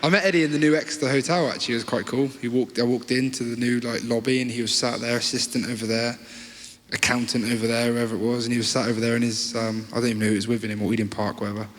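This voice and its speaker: A man from Cornwall, a guest on a live podcast, talking in a relaxed, chatty way and laughing easily. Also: mid-range voice, rapid-fire. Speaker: guest, rugby player. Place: live theatre stage. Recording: live venue with long reverb.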